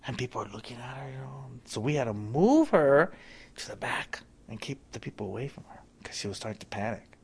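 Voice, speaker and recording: An older man telling an emotional story about caring for his mother, animated and acting out the voices he quotes. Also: medium pitch, a little fast, vocal fry, slightly rough. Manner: animated, imitates voices when quoting.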